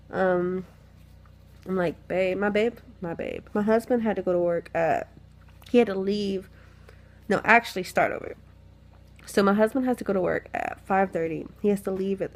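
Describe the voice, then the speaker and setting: A woman's voice: medium pitch, normal speed, pauses often. A young woman, sick with the flu and lying in bed, telling a candid, chatty story into her phone, swearing freely. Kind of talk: casual storytime chat.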